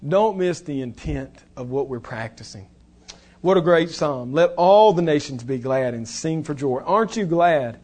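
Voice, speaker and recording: High-voiced earnest preacher. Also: male voice, darkish tone. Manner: earnest, exhorting, builds to a rising list of titles. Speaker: pastor. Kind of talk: sermon.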